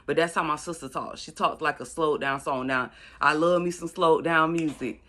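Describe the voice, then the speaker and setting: Woman, middle-aged, from Florida, bright voice, rambling casual storytelling, drawn-out words. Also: low voice. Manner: rambling, chatty, drawls words out slowly for effect. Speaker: vlogger. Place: at home doing makeup.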